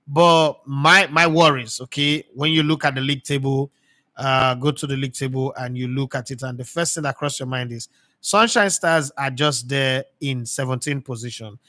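A man with a Nigerian accent hosting a sports talk show, talking in a lively, emphatic way and often repeating words. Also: mid-range voice, no echo.

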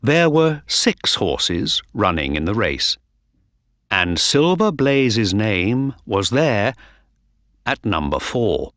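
A man reading a storybook aloud for learners, very slowly and clearly. His pitch moves widely and expressively, and the sound is close and dry. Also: dry recording. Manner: slow, clear, lively reading. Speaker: narrator. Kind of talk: slow storybook narration for learners.

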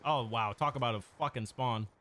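A young man streaming a shooter game live, talking to his chat in excitable, profane trash talk. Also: mid-range voice, normal speed, background noise. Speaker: gaming streamer. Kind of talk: live-stream gameplay commentary.

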